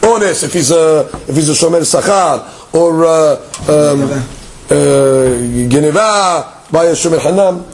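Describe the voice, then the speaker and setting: A man teaching a Talmud class, moving between quick Hebrew text reading and explanation while acting out the claims in a case. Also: fairly high pitch, slight background noise. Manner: lively, leaps between English and Hebrew text reading, acts out case dialogues.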